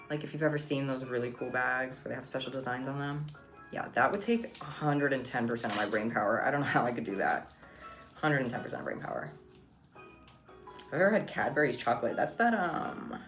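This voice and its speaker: A woman with a low voice chats on a live stream. She is playful and her pitch swings widely. Music plays clearly behind her. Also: fairly bright tone. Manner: chatty and playful, talks to chat and her cat. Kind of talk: casual live-stream chat while crafting. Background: background music.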